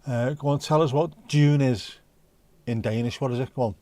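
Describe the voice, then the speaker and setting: A man's voice: mid-range voice, moderate pace, mellow, no room sound. A man from North West England, hosting a casual livestream and bantering with chat comments. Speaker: livestream host.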